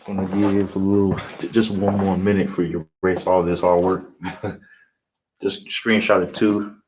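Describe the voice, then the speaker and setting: A man teaching a class, often asking "all right?" and spelling out sounds slowly in pronunciation drills. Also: low voice, little pitch movement, noisy background. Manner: repetitive, checks in with "all right?" and "you understand?"; slow, drawn-out pronunciation drills. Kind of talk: classroom lesson on Hebrew numbers. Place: classroom with a board.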